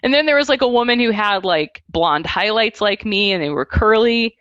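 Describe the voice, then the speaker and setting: A woman's voice: medium pitch, moderate pace, no room sound, lo-fi sound. A woman in her thirties, a musician guest, chatting casually and telling stories with acted-out quotes. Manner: animated storytelling with acted-out quotes. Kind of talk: casual interview chat.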